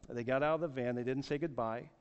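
A man's voice: medium pitch, fairly even intonation, quick pace, clear, resonant tone. A man in his forties preaching a sermon, telling a story earnestly and often repeating words. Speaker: pastor. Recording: echoey hall, dull sound.

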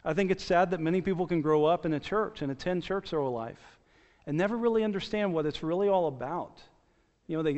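Guy pastor preaching, earnest, kinda high voice, long church echo, muffled sound. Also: darkish tone. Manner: earnest, repeats his points, frequent restarts. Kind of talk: sermon.

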